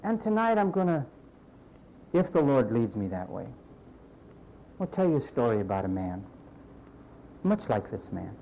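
A man preaching a sermon in a conversational, animated way, acting out the voices of the people he quotes. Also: mid-range voice, moderate pace, long pauses, slight background noise, rough recording. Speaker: pastor.

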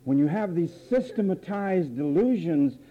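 High-voiced male preacher, theatrical sermon delivery, muffled lo-fi recording. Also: lively intonation, normal speed. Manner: theatrical, mocks voices and repeats phrases.

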